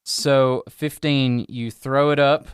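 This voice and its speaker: A man narrating as game master in a tabletop game, chatty and relaxed. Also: mid-range voice, takes it slowly, clear, resonant tone, no echo, clean studio sound.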